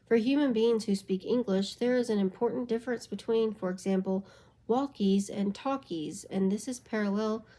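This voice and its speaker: A woman reads a textbook aloud late at night and sounds sleep-deprived. Her voice is soft and mellow, with a steady reading pace. Now and then she trips over a word and calmly corrects herself. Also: medium pitch, poor audio. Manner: steady reading with occasional stumbles and self-corrections. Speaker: reader of a book aloud.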